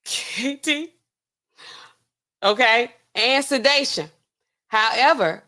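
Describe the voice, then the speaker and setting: A woman with a mid-range voice that sounds pushed and bright hosts a laid-back pharmacy commentary. She reads and skims drug documents aloud, peppering everything with "okay?"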